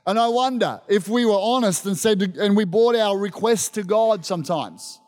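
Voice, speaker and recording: Animated pastor in a reverberant hall. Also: male voice, high voice, normal speed. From Australia. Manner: animated, emphatic, engages congregation. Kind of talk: sermon. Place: church service. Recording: long reverb of a church hall.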